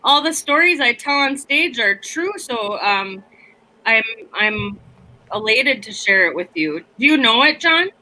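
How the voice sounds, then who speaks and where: Woman comedian, bright forceful voice, highish, animated storytelling, video call. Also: a little slow, poor audio. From Minneapolis area. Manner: animated, acts out voices, laughs often. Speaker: comedian and teacher guest.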